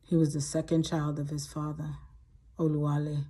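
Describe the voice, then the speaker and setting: A woman's voice: sits low, monotone, moderate pace, dark tone, breathy edge. A woman hosting her own channel, telling a story in a reflective monologue, emotional and near tears, repeating words for emphasis. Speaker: channel host.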